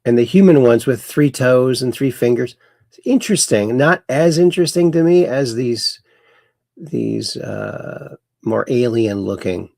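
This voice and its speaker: A man with a gravelly, creaky voice hosts a casual livestream, reading viewer comments and rambling along in a folksy, repetitive way. The sound is dry and close, with no room echo. His pitch sits in the ordinary middle range for a man. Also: lively intonation, measured pace, warm tone. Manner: rambling, folksy, repeats himself. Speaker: livestream host.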